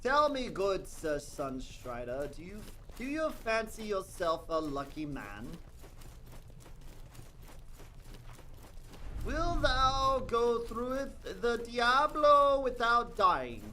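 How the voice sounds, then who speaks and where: A man voicing a pompous, old-fashioned gentleman in a theatrical, mock-archaic way, with game noise behind. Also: sits high, expressive, a little slow. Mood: grandly mocking. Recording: noisy game audio behind.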